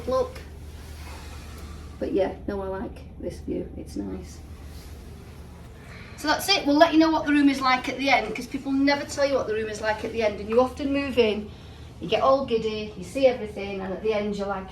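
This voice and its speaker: In a hotel room, a tipsy travel vlogger in her fifties spins animated stories and swears without restraint. Her voice leans high, and a faint hiss or hum runs under the casual vlog.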